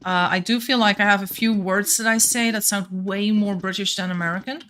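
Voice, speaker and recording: A woman's voice: mid-range voice, steady tone, a little fast, a bit bright, soft background music. A young woman with a light Flemish accent, chatting casually and thinking aloud while playing a game on stream, often restarting her sentences.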